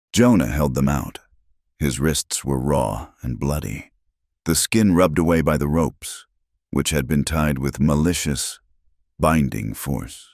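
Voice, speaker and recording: Very deep-voiced male storyteller. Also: unhurried, a little mellow, no echo, clean studio sound. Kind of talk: scripted narration.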